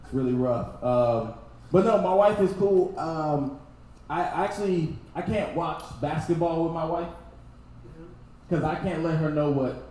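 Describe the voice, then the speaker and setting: A man's voice: a little high, unhurried. Laughing stand-up man from Texas, echoey room. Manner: loose, laughing, swings into loud impressions. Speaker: stand-up comedian. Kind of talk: stand-up comedy set. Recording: very echoey room, faint noise.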